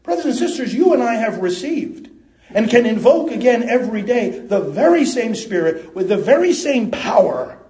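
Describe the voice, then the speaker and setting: Impassioned male preacher from the US, high voice, roomy echo, loud peaks and quiet asides. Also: very animated, normal speed. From United States. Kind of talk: sermon.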